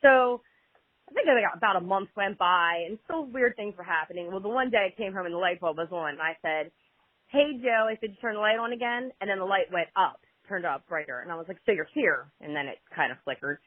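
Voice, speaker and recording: A woman calling in to tell a personal story, animated and acting out quoted exchanges as she talks. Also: on the low side, fairly quick, dry recording. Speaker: caller. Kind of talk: personal story over the phone. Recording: tinny phone line, dry.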